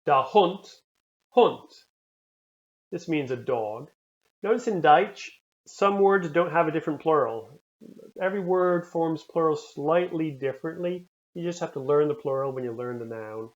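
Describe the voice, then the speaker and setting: A man teaching a recorded language lesson, repeating words slowly and carefully for the learner. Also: on the high side, dull audio. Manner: slow, careful pronunciation drills.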